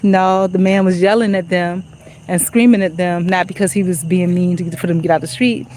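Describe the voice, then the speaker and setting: A woman's voice: lowish voice, steady tone, brisk, a little mellow, a little hiss or hum, rough recording. A woman talking to her phone while walking outdoors at night, in a reflective, conversational way full of "you know". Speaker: vlogger. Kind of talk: casual walk-and-talk monologue.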